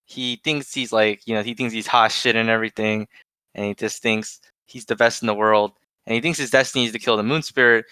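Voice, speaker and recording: Bright-voiced young man co-hosting. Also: lowish voice, steady tone, brisk, clear, resonant tone, no room sound. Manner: rambling with restarts and fillers. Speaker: podcast co-host. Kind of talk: casual chat.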